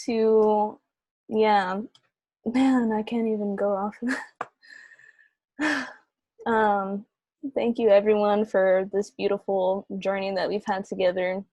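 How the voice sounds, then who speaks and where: Slow-spoken woman facilitator, dry sound. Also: mid-range voice, no echo. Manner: soft, slow, many fillers. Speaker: program facilitator. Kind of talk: closing remarks and guided breathing. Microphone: video call.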